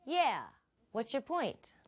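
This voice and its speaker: A woman's voice: high-pitched, very animated, slow pace, voice pushed up, exaggerated voice. A woman voicing an indignant, confrontational man in a bar. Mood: annoyed. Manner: confrontational, defensive.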